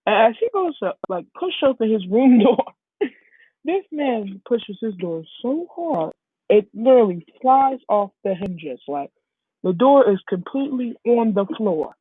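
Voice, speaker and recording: A woman's voice: on the high side, big pitch swings, unhurried, husky, dry recording. A young woman casually retelling a fan story, rambling and full of fillers. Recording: tinny phone-like, dry.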